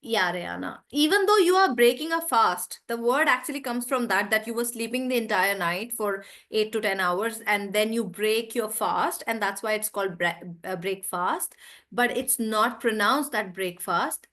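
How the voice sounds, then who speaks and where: A fairly high-pitched woman leads an online pronunciation class. She talks in a lively, upbeat way, laughs often, and stretches out words to show where the stress falls. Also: moderate pace. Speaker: English pronunciation teacher.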